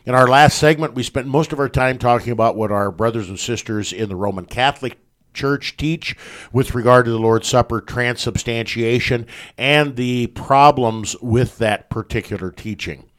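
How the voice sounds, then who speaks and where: A man's voice: medium pitch, moderate pace, a bit bright. Earnest male talk-show host. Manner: earnest, reads quotes aloud. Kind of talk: radio talk show discussion.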